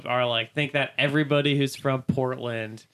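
A man's voice: medium pitch, steady tone, moderate pace, fairly bright tone, a little hiss or hum. A young man hosting a casual chat, rambling and laughing often.

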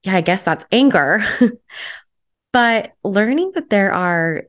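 A woman's voice: medium pitch, animated, slow pace, a bit bright. A young adult woman hosting her solo podcast, chatty and upbeat, with lots of "like" fillers. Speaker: podcast host.

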